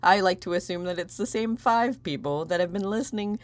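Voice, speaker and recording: A woman's voice: mid-range voice, fairly quick, a little hiss or hum. A woman hosting a podcast in casual, comic chat, dry and self-deprecating and playing grumpy. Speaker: podcast host.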